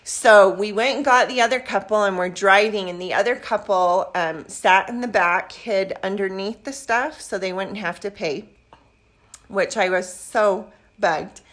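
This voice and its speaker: A woman's voice: medium pitch, measured pace. An older grandmother in a casual interview, telling stories from her youth and acting out bits of dialogue. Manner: lively storyteller who acts out quoted dialogue.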